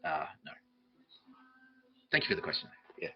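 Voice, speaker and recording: A man's voice: moderate pace, lo-fi sound, soft background music. An Australian man hosting a podcast, answering listener questions in a rambling, profane way and laughing often at himself. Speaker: podcast host.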